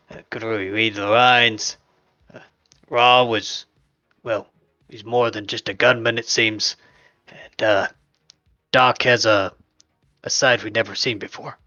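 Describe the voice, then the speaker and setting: A man talks slowly and hesitantly through a recap, stopping often on uh. His voice is bright and sits dry and a little muffled on a home mic. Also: mid-range voice, no room sound. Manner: slow and hesitant, many uhs. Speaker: player recapping the session. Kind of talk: casual recap.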